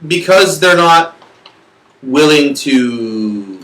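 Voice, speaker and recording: A man co-hosting a talk show, calmly pushing back with short replies. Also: fairly high pitch, extremely slow, reverberant, rough recording. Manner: calm, short replies and pushback. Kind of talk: casual talk-show chat.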